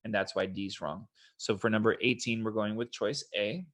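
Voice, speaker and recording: A man's voice: fairly low pitch, fairly even intonation, moderate pace, fairly bright tone. A man tutoring for a college entrance test, casually walking through answer explanations in an online lesson. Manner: casual, explanatory, quotes examples in a put-on voice. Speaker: SAT tutor. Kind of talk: online test prep walkthrough.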